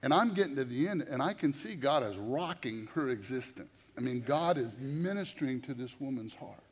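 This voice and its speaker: A man preaching a sermon through a story, animated and conversational, often repeating his words. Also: medium pitch, normal speed, breathy edge. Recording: long reverb of a large hall.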